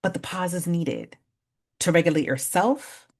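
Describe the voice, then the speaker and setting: A woman in her forties leading a parenting workshop, talking conversationally, laughing at herself and slowly counting out breathing exercises. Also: on the low side, husky. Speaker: workshop facilitator. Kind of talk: guided breathing exercise and storytelling talk.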